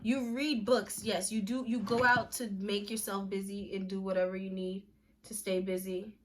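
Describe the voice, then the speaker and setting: A woman's voice: medium pitch, little pitch movement, normal speed, slight background noise. A young woman telling a personal story on a casual vlog, candid and emphatic, with slang and restarts when emotional. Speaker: vlogger.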